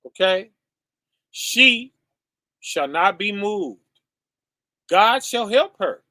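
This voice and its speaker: A man preaching casually over a stream, conversational and relaxed, often checking in with "right?" and "okay?" and calling his listeners "y'all" and "fam". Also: sits high, extremely slow, no echo, studio quality.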